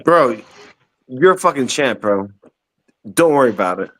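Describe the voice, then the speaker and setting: A man's voice: mid-range voice, expressive, moderate pace, fairly bright tone. A man in casual banter, laid-back and slangy, saying "bro" a lot. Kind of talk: casual chat.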